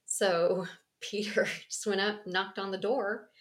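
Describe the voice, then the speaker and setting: A woman casually retelling a story in a rambling, animated way, laughing often and acting out the voices. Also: medium pitch, takes it slowly. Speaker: podcast co-host.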